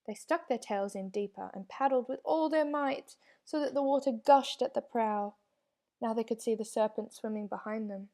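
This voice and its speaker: A woman reading a children's storybook aloud with steady, expressive narration. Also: a little high, moderate pace. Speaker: reader.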